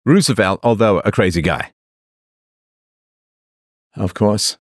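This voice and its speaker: A man's voice: lowish voice, expressive, slow pace, no echo, studio quality. A man hosting a livestream, delivering an opinionated monologue to his chat in a sarcastic, mocking way. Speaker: livestream host.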